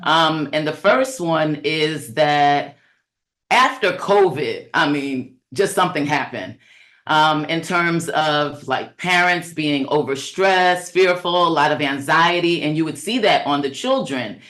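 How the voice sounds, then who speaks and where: A woman's voice: sits low, animated, slow pace, fairly bright tone. A middle-aged woman coaching childcare owners in a webinar talk, earnest and conversational with many fillers, and preacherly as she cites scripture.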